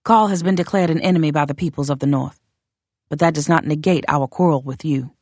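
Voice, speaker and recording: A woman's voice: low-pitched, dry recording. Woman reading as a proud, blunt warrior queen. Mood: cold, demanding. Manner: measured, formal, quietly contemptuous. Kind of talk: audiobook character reading.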